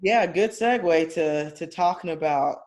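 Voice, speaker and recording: Unhurried and lowish, with a slightly mellow quality, a woman's voice carries a casual sports podcast she co-hosts. Her turns run long and wander, full of hedging and laughter between thoughts.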